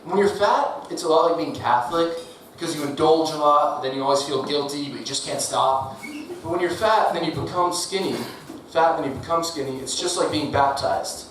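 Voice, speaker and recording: Deadpan man doing stand-up in an echoey club. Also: fairly high pitch, a little fast, few pauses. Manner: deadpan delivery with laughing asides. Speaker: stand-up comedian. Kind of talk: stand-up comedy set. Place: comedy club stage. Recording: echoey club from a distant mic, audible noise.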